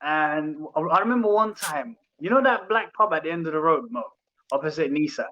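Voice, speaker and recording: Young man, relaxed slangy storyteller, high voice, dull muffled recording. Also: fairly quick. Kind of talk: casual chat.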